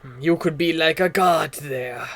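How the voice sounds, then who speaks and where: Man playing a slow, murmuring dark-realm overlord. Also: a little high. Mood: menacing. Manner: slow, murmuring, squinting menace. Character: sinister male ruler of a dark realm, suspicious.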